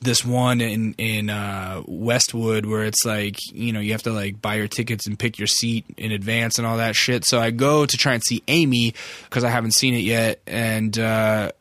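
A man's voice: lowish voice, fairly even intonation, moderate pace, fairly bright tone, dry recording. A young man telling a casual, rambling story with lots of swearing and filler words.

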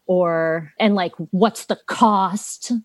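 A woman's voice: on the low side, slow, no room sound. Actress lady being playful in an interview, giggles a lot, dead dry sound. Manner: playful, laughs often. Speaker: actress guest. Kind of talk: casual interview chat.

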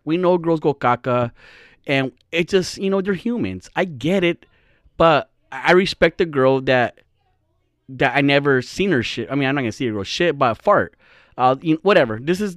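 A man's voice: on the high side, dry recording, studio quality. A young man hosting a podcast, telling a rambling, profane, jokey story in casual comedic style. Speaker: podcast host.

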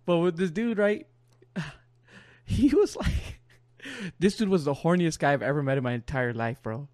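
A young man, a podcast co-host, telling a long rambling story in casual chat. He laughs often and drops his voice low to quote others. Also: normal speed, darkish tone.

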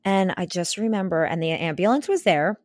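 A woman's voice: fairly low pitch, lively intonation, brisk, dry recording, clean studio sound. A woman in her thirties hosting a casual solo podcast, telling a personal story in a chatty way, with many fillers and restarts. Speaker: podcast host.

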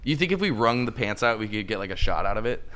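A man in a casual chat, making unhurried, teasing wisecracks. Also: fairly low pitch, big pitch swings, a bit bright.

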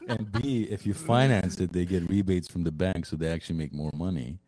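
A man's voice: low voice, huge pitch swings, normal speed, slight background noise. A man co-hosting a podcast who tells anecdotes casually and laughs often. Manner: laughs often while talking. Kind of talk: casual chat.

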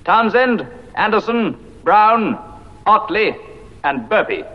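A man playing an air force commander briefing bomber crews in a 1950s war film, speaking briskly and commandingly. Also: high voice, very animated, full character voice. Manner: brisk, commanding, lists names methodically. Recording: dull lo-fi film audio with long reverb.

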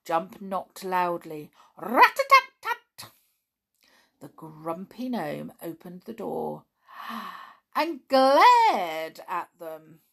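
A woman reading a children's story aloud at a gentle, unhurried pace. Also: lowish voice, creaky.

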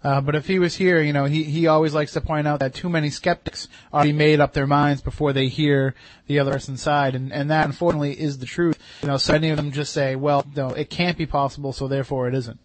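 Quick male radio host, slightly high voice, close and dry studio sound. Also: level tone, dry recording. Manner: quick, conversational questioning. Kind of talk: radio interview.

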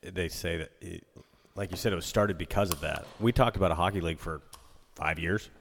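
A man speaking earnestly and warmly to a friend in a casual podcast chat. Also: deep voice, fairly quick, creaky, big-room sound, slight background noise. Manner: earnest, heartfelt.

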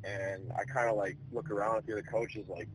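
A man in his twenties, a baseball player, telling his story in a relaxed, rambling way with many fillers. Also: fairly low pitch, brisk, slight background noise, low-quality recording. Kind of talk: casual storytelling interview.

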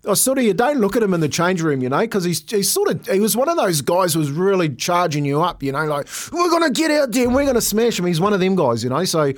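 Chatty New radio co-host, laughing. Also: male voice, high-pitched, sing-song, fast talker, few pauses. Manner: chatty, laughs often, storytelling. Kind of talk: casual radio banter.

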